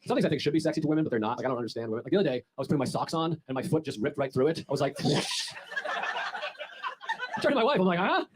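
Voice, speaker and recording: A man doing a stand-up set on stage, dry and quick, acting out little voices for the jokes. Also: on the high side, expressive, heavy background noise. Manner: dry, quick-fire joke delivery with acted-out voices. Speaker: stand-up comedian. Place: comedy stage before a live audience. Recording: loud audience laughter from a comedy show.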